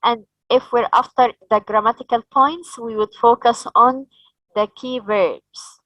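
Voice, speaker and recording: A woman from Egypt leading a teacher training session, explaining slowly and modelling sounds and intonation patterns. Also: fairly high pitch, steady tone, a bit bright, no room sound, lo-fi sound.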